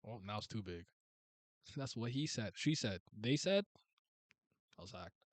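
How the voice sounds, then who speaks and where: A man's voice: on the low side, animated, unhurried, no echo. A man hosting a casual livestream chat, rambling with lots of restarts and laughter. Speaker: livestream host.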